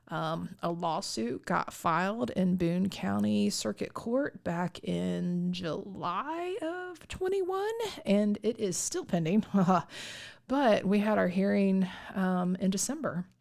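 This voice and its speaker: A woman with a rural Midwestern accent, co-hosting a podcast and telling a story in a lively, chatty way, often laughing. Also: medium pitch, slow pace, creaky. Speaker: podcast co-host. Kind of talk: casual chat.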